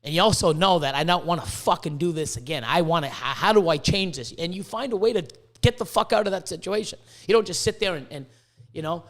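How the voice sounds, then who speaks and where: A man hosting a casual podcast, rambling and swearing as he tells animated stories, hot and sweating in his room. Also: a little high, quick pace. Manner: profane, rambling, animated storytelling. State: sweating, overheated. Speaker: podcast host, reptile breeder. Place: hot indoor room with a fan.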